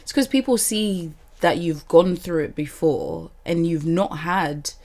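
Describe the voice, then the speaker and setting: A woman's voice: lowish voice, a little slow, darkish tone. A woman hosting an interview chat. She agrees often and gives short supportive replies, adding a thought now and then. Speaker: podcast host.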